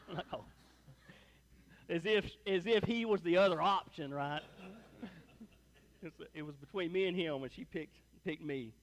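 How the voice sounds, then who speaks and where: A man's voice: sits high, in a large hall. A middle-aged man, a pastor, preaching a sermon to his church in a folksy, conversational way that leans on tag questions. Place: church sanctuary before a congregation.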